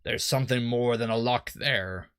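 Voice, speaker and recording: A man doing a gruff old boat captain. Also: mid-range voice, moderate pace, a bit bright, no echo, clean studio sound, lightly acted. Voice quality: rough pirate-ish put-on voice. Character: gruff male harbor boat captain, weathered and wary.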